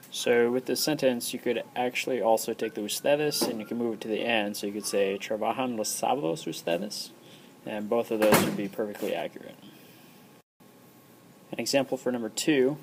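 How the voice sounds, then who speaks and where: A man's voice: fairly low pitch, slight background noise, poor audio. A man giving a casual recorded lesson, explaining step by step with many ums and uhs. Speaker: teacher.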